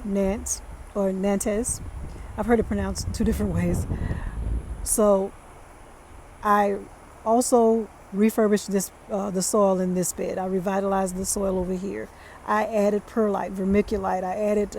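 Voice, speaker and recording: A woman's voice: medium pitch, mellow, a little hiss or hum. A woman giving a casual tour of her backyard garden, chatting to viewers and calling them y'all. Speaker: home gardener vlogger.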